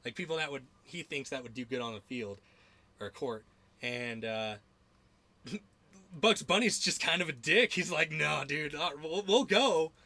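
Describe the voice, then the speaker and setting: A man's voice: medium pitch, expressive, normal speed, pauses often, pushed and bright. A young man hosting a podcast in casual chat, rambling with lots of filler words, swearing and laughter. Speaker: podcast host.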